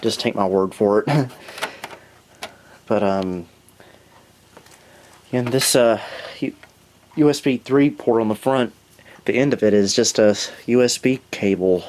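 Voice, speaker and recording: A man's voice: lowish voice, slow, long pauses, a little mellow, slight background noise. A man narrating his computer build in a casual home video, chatty and self-mocking, somewhat out of breath.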